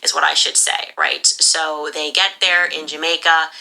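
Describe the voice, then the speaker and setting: Woman, low register, very forceful tone, emphatic insistent monologue; podcast commentary delivery. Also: little pitch movement, moderate pace, creaky, poor audio. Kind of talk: opinionated monologue.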